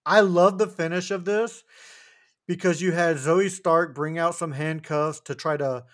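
A man co-hosting a casual wrestling recap podcast, talking in a rambling, animated way with frequent restarts. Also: on the high side, measured pace. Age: adult with a wife. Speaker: podcast co-host.

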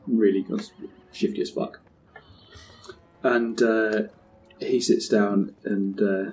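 A man's voice: lowish voice, fairly even intonation, takes it slowly, long pauses, darkish tone, a little hiss or hum. A man narrating a tabletop game as game master, loose and casual, swearing and laughing.

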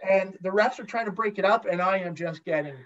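A former pro hockey goalie telling a long, profane story as a guest in a casual chat, with lots of restarts. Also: male voice, high-pitched, a little fast, fairly bright tone. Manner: profane, rambling anecdotes with many restarts. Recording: dull lo-fi sound.

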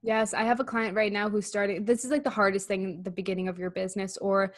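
A woman's voice: medium pitch, little pitch movement, quick pace, no room sound, studio quality. A woman coach co-hosting a podcast, talking in an upbeat, eager way. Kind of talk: casual podcast chat.

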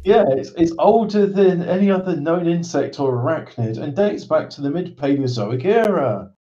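A man with a fairly high voice talks casually, reading strange headlines and tossing in dry, meandering jokes. The sound is dull and lo-fi, like a cheap home podcast mic. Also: expressive, normal speed, dark tone. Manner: wry, rambling, reads headlines aloud with asides. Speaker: podcast co-host reading news stories. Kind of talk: casual chat.

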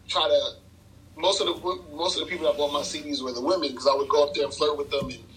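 A man's voice: fairly high pitch, steady tone, quick pace, fairly bright tone, a little hiss or hum, poor audio. A man, telling a dating story in casual chat, loose and rambling, laughing often. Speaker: podcast guest, dating coach.

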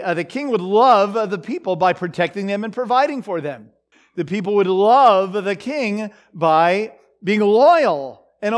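A man giving a conversational Bible teaching, halting with many fillers and restarts and asking his listeners questions. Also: high-pitched. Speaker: preacher.

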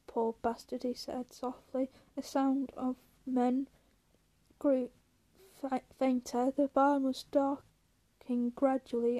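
A woman reads a novel aloud at an even, steady pace. Her voice sits high yet sounds soft and mellow. Small slips come up now and then, and she corrects them herself. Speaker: audiobook reader.

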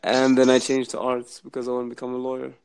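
A young man with a Zimbabwean accent chats casually with a stranger and tells animated stories. His voice has a gravelly fry. The sound is close and dry. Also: mid-range voice, fast, dry recording. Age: young adult. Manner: chatty, animated storyteller. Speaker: university student. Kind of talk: casual video chat.

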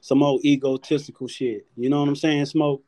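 A man hosting a casual live audio chat, joking loudly with lots of profanity and frequent laughter. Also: medium pitch, steady tone, brisk. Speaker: show host.

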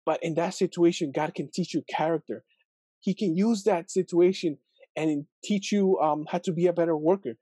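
A man's voice: on the high side, moderate pace, mellow, slightly rough, no room sound. A young man casually reflecting on a Bible passage in a video, thinking aloud with fillers and rhetorical questions. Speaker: video host reflecting on scripture.

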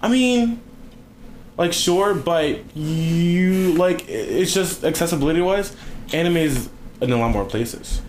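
Laid-back man, lively pitch. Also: measured pace, slight background noise. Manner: laid-back, short reactions and pushback. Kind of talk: casual podcast chat.

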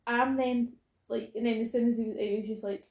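A woman's voice: a little high, steady tone, brisk, a little mellow, echoey room, rough recording. A woman in casual podcast chat who laughs often and acts out quotes.

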